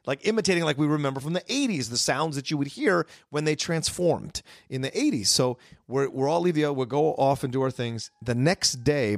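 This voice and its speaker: A man hosting a casual film podcast, telling stories in an animated way. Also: medium pitch, no room sound, studio quality. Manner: animated storyteller, quick asides. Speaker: podcast host. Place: Los Angeles.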